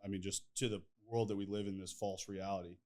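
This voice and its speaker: A man's voice: deep voice, steady tone, quick pace, mellow. Rambling man in casual podcast chat. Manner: rambling, filler-heavy, laughs at his own stories. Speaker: podcast host.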